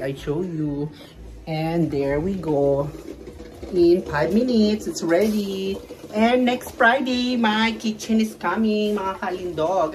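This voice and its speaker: A woman's voice: medium pitch, a little hiss or hum. A woman with a Filipino accent in a casual morning vlog, chatting and searching for words as she mixes in Tagalog. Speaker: vlogger. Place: outdoors on a balcony, then in a home kitchen.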